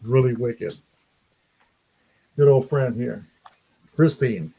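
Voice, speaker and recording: A man's voice: mid-range voice, slow pace, creaky, mellow, slight background noise. A man hosting a live stream, talking in an easygoing casual way. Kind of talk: casual chat.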